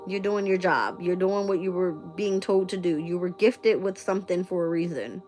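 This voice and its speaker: A woman's voice: lowish voice, moderate pace, a little mellow. Woman, tarot streamer, casual live chat, blunt and profane, laughs a lot, faint music behind. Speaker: tarot reader and channel host.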